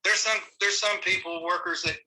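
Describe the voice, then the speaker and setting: A middle-aged man, casually telling rambling, animated stories as a podcast guest. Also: high voice, moderate pace, a little hiss or hum, low-quality recording. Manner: rambling, animated, with many restarts. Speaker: guest, former amateur wrestler. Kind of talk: casual storytelling.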